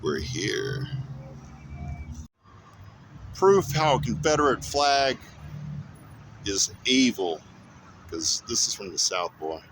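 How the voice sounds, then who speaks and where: A man vlogging at a fast-food drive-through from his car, talking in a drawn-out, mock-serious way with lots of exclamations. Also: mid-range voice, sing-song, fairly bright tone, slight background noise. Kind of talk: casual vlog commentary. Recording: clear background music.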